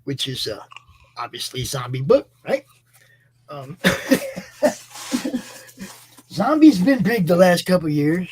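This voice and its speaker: A man hosts a casual chat with plenty of enthusiasm. He rambles, restarts sentences and fills gaps with ums. His voice sits a little higher than most men's. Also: sing-song, slow, long pauses, husky, low-quality recording. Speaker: host. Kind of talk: casual chat about comic books.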